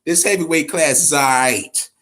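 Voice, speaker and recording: A man hosting a boxing channel in casual live-stream talk, animated and profane, dropping "man" at the end of nearly every phrase. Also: a little high, moderate pace.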